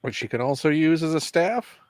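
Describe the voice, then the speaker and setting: A man hosting a casual chat while opening toys, with a lively, jokey way of talking. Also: fairly high pitch, brisk, no room sound. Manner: lively, jokey, reads packaging aloud. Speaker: host.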